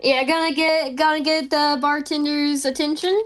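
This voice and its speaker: Giggly high-voiced woman player. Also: level tone, normal speed, a bit bright, soft background music. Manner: giggly, casual. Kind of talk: playing a tabletop game.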